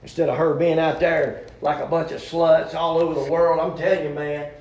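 A man's voice: fairly high pitch, level tone, normal speed, a little mellow, reverberant. A man preaching a sermon in a folksy, rhetorical, joking storytelling manner.

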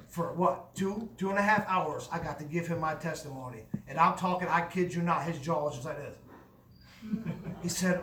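A man's voice: on the high side, animated, moderate pace, fairly bright tone, reverberant, far from the mic, a little hiss or hum. A man preaching a fervent, emphatic sermon in a church, telling his own testimony with repeated phrases.

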